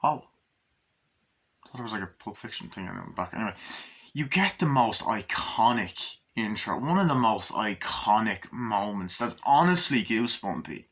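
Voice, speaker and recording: A man's voice: fairly low pitch, animated, moderate pace, a bit bright, husky. Profane, rambling male film reviewer. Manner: loose, profane, quotes the scenes in mock voices. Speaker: movie reviewer.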